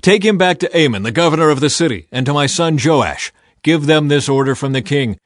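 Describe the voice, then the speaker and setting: An imperious, hot-tempered king barks his orders, as a man reading aloud puts him on. The voice swings up and down with lively pitch. The sound is dry and close. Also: brisk, no echo, lightly acted. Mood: commanding. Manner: commanding, raises voice louder and higher. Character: angry, imperious male king of Israel.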